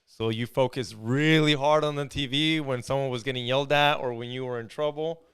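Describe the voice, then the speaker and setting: A man in easygoing podcast chat, relaxed and slangy. His voice is smooth and clean, pitched right in the middle. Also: a little fast. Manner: relaxed, slangy, joking banter. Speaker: podcast co-host. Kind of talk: casual chat.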